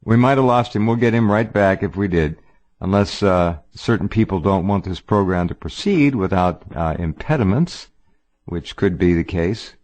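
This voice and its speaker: A man hosts a talk radio show, reacting to his guests in an emphatic, enthusiastic way. His voice sits fairly low. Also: moderate pace, a little mellow. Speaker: radio host.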